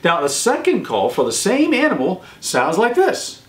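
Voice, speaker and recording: A man hosting a children's show, quizzing young viewers and praising each answer warmly. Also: wildly swooping pitch, normal speed, noisy background. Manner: encouraging, praises often, pitch jumps on answers. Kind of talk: quiz for children. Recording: echoey room.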